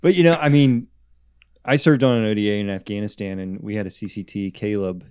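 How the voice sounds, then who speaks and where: A man hosting a podcast, a veteran, asking questions in a relaxed, conversational way. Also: lowish voice, fairly quick, clear, resonant tone, no room sound, clean studio sound. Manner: relaxed, conversational, frequent fillers. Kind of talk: casual interview chat.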